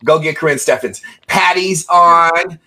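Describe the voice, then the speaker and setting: A man co-hosting a casual show, easygoing as he reads out listener shout-outs. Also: on the high side, unhurried, a crowd in the background. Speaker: podcast co-host reading shout-outs. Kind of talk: casual chat.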